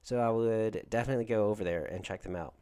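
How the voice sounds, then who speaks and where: A man from Georgia with a Southern accent hosts a relaxed livestream. His voice sits a little low, and he rambles on as he talks to his viewers. He keeps stopping to thank them. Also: fast, smooth. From Georgia, USA. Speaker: livestream host. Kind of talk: casual livestream chat with viewers.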